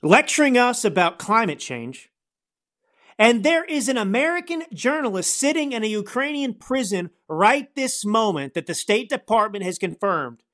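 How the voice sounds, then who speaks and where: A man's voice: high-pitched, very animated, moderate pace, fairly bright tone. A man hosting a podcast, delivering angry, sarcastic political commentary in a ranting manner. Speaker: podcast host.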